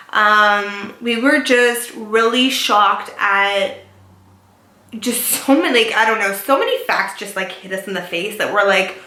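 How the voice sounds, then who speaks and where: A woman's voice: fairly high pitch, bright, forceful tone. Chatty young woman vlogger, echoey room. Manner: chatty, filler-heavy with lots of "like" and "um". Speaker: beauty and lifestyle vlogger. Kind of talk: casual chat to camera.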